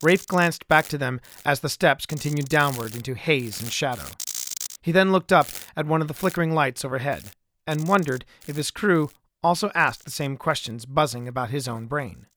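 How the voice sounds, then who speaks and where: A man narrating his own adventure story in an even, measured way, recorded close to a studio mic. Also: on the high side, slight background noise. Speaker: author and narrator. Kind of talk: scripted audiobook narration.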